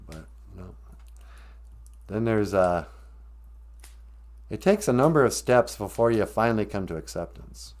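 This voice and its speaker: A man's voice: lowish voice, expressive, unhurried, long pauses, a little mellow. A man hosting a live stream from home, talking candidly and rambling, with frequent asides that interrupt himself. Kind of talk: casual live-stream talk.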